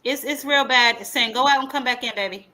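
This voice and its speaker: High, bright-voiced woman host. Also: a little fast, a little hiss or hum. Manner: bossy, teasing, calls panelists babe. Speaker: panel show host. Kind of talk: casual panel chat.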